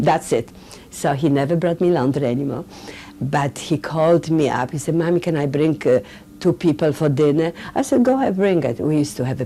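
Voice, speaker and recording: Older woman with a low, mellow voice. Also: a little hiss or hum. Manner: halting, with many fillers and restarts. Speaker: interviewee, Holocaust survivor. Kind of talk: recorded oral history interview.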